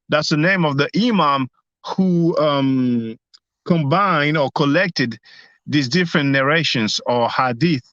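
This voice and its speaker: A man's voice: fairly high pitch, fairly bright tone, dry recording, highs cut off. Man explaining with many restarts. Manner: hesitant, many restarts and fillers. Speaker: host. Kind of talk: live stream discussion. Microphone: phone.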